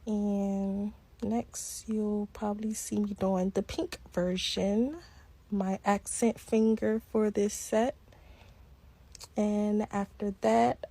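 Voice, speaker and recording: A woman casually narrating her nail-making process in a relaxed, unhurried way. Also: medium pitch. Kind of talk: casual nail tutorial voice-over.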